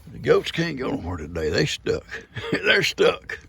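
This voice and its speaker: A man's voice: mid-range voice, huge pitch swings, a little slow, gravelly, fairly bright tone, a little hiss or hum. A man, chatting and teasing his goats outdoors on a farm in a playful, chuckling way. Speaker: farm video host. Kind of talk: casual talk to his animals.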